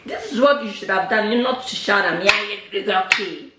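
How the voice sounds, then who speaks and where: A woman's voice: mid-range voice, brisk, roomy sound, very noisy. A woman with a West African accent, chatting playfully and teasing her husband in a casual vlog. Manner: teasing, playful, repeats herself. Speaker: vlogger. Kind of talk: casual prank vlog chat.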